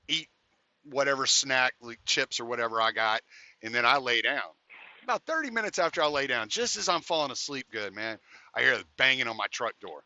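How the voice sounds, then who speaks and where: Bright-voiced man telling a rambling story. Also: mid-range voice, dry recording. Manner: profane, rambling, with restarts. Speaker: podcast host; truck driver. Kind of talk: casual storytelling. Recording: dull, dry, lo-fi podcast audio.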